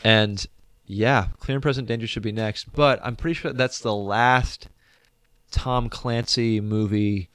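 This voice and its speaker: Low-voiced man co-hosting a film podcast. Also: steady tone, measured pace, fairly bright tone, no echo. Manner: thoughtful, hedging, repeats words when restarting. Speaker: podcast co-host. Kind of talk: casual film review chat.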